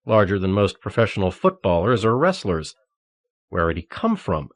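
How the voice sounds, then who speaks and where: Low-voiced man reading an audiobook. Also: no room sound. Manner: steady, measured reading. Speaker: audiobook narrator. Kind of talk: audiobook narration.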